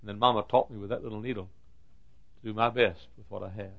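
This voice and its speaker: A middle-aged man preaching a sermon, swinging from hushed, quiet passages to loud, high cries. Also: steady tone, quick pace, creaky, lo-fi sound. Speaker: pastor. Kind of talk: sermon with recited poem.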